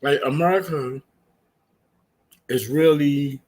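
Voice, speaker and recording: A man's voice: fairly high pitch, takes it slowly, darkish tone. A man on a casual podcast, telling stories with lots of swearing and laughing as he goes. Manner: storytelling, profane, laughs while telling. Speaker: podcast co-host. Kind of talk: casual chat.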